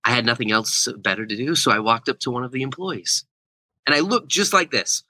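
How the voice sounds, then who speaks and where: A young man, an author and speaker, telling a story as a guest in an interview. He talks animatedly and acts out the quotes. His voice is very bright and forward, recorded close with no room sound. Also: medium pitch, animated, brisk, dry recording, poor audio. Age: young adult.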